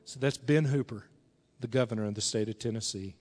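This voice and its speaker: A male pastor preaching a sermon, telling a story and dropping to a hush, then rising again. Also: mid-range voice, fairly quick. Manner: storytelling, swings between hushed and raised. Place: large church hall. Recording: reverberant church hall with music.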